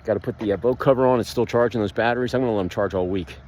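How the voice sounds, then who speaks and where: A man talking casually while walking outside, rambling with lots of fillers and animated outbursts, recorded on a phone. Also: on the low side, racing, slight background noise. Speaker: vlogger, builder. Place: outdoors, walking past a pool.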